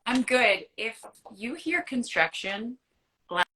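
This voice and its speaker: A woman's voice: fairly high pitch, animated, takes it slowly, bright, forceful tone, a little hiss or hum, low-quality recording. A woman guest in a casual live-stream chat, candid and self-deprecating, often laughing. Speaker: guest artist.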